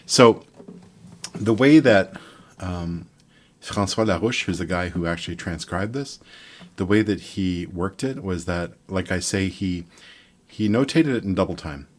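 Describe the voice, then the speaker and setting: An older man from Montreal giving a relaxed, rambling online guitar lesson, counting beats and scatting rhythms aloud. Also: sits low, measured pace. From Montreal, Quebec, Canada. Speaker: guitar teacher.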